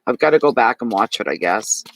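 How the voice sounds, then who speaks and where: This tarot reader, a man with a Maritime Canadian accent, keeps up lively banter with viewers of his live reading and answers what they post in chat. He speaks at a mid-range pitch, expressive and brisk, with some vocal fry, on a low-quality recording.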